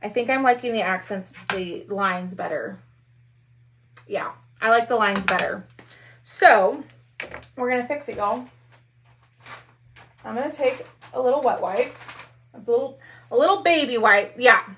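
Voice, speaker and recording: A woman's voice: on the high side, sharp tone. A woman hosting a casual craft live stream, chatting with viewers while she works. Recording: faint background noise.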